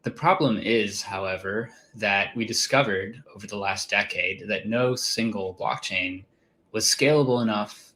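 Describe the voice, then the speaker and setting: A man, a company chief executive, explaining his company's vision on a call in a measured, thoughtful way with some fillers. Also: lowish voice, sharp tone, a little hiss or hum, rough recording. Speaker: CEO guest.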